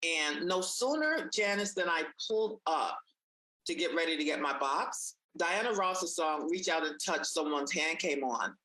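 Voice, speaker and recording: A woman in conversation, telling a personal story with animated energy and acting out the voices of people she quotes. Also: unhurried, rough recording. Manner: animated, acts out quoted voices, pitch jumps up in excited moments. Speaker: guest sharing a story.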